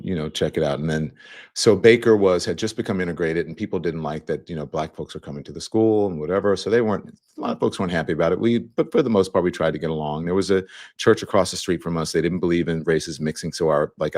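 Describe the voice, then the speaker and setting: A man in his fifties from Louisiana, hosting a show and telling a relaxed personal story to viewers in a casual monologue. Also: low voice, fairly quick. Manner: relaxed storytelling, conversational, many fillers. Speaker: show host.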